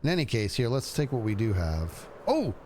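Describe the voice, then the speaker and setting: A man streaming a game and chatting casually, animated and jokey, talking to himself as he plays. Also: medium pitch, moderate pace, soft background music. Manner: animated, jokey, talks to himself while playing. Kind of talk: casual gameplay commentary.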